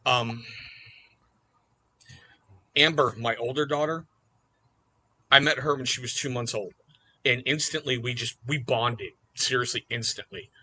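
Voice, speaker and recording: A man's voice: medium pitch, bright, forceful tone, poor audio. A man who is a podcast guest, openly telling heartfelt personal stories in casual conversation. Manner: open, heartfelt storyteller. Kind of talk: casual storytelling.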